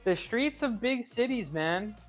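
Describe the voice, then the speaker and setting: Man live-streaming a workout and reading chat, slightly high, easygoing and talkative, light music under him. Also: expressive, measured pace. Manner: chatty, laughs easily, restarts phrases. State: working out.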